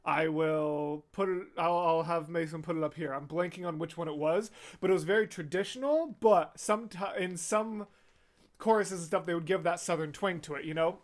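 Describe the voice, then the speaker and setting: Male reaction host, excitable and chatty, breaks down vocals, sings bits in falsetto. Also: moderate pace. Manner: gushing, talkative, breaks into sung snippets and falsetto. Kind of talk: excited musical reaction and analysis.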